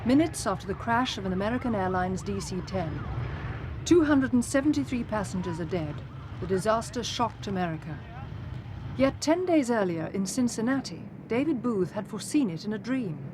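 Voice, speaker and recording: A woman reading a scripted documentary voice-over in a crisp, formal way. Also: mid-range voice, lively intonation, moderate pace, noisy background. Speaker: narrator. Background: music bed.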